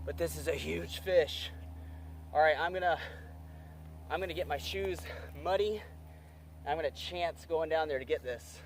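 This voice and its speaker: An excitable young man narrates his own outdoor fishing vlog, speaking straight to viewers. His voice sits a little high for a man. Faint outdoor ambience sits behind him from the camera mic. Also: normal speed, pauses often, a little hiss or hum. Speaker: wildlife vlogger. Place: outdoors by a small creek.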